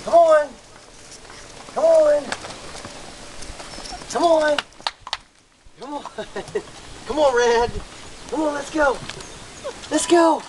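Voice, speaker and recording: A woman's voice: high-pitched, extremely slow, long pauses, a little mellow, a little hiss or hum, poor audio. A woman making a home video, calling and cooing to her puppies in sing-song baby talk. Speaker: puppy owner.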